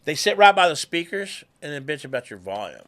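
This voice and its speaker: Musician guy ranting about gigs, bright pushy voice, swears a lot, acts out what people said. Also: a little high, a little fast. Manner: animated, swears freely, acts out quoted people. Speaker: musician guest. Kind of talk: casual conversational storytelling.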